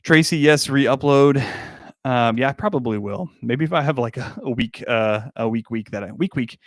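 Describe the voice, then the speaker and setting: A man's voice: mid-range voice, moderate pace, no echo, clean studio sound. A young man hosting a casual livestream, reading chat comments and laughing often. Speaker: livestream host answering chat.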